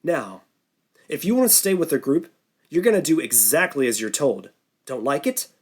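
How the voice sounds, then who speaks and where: A man's voice: medium pitch, animated, normal speed, breathy edge. A man voicing a stern middle-aged doctor who takes charge of a group of survivors in a storybook. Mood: commanding. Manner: commanding, stern.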